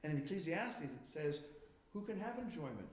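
High-voiced pastor preaching in an echoing church. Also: male voice, sing-song. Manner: asks the congregation rapid questions, shifting from quiet to emphatic. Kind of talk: sermon.

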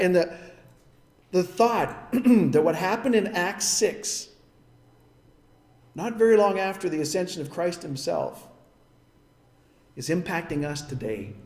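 High-voiced pastor preaching in an echoey room. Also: male voice. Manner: storytelling, earnest and emphatic. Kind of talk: sermon.

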